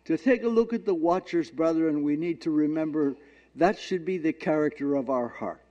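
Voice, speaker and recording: A man preaching a sermon in an earnest, halting way, reading scripture slowly and drawing out the words. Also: fairly high pitch, dark tone. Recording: dull lo-fi recording.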